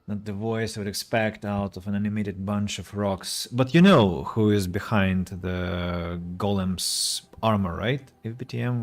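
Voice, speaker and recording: A man streaming a game, chatting casually and greeting viewers. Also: lowish voice. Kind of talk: casual live-stream commentary.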